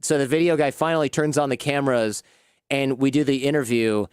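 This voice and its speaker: A man telling lively anecdotes in a casual interview, acting out the people in his stories. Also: mid-range voice, brisk, clear, resonant tone, no room sound, clean studio sound. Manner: animated anecdotes, acts out quoted people. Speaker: podcast host as guest.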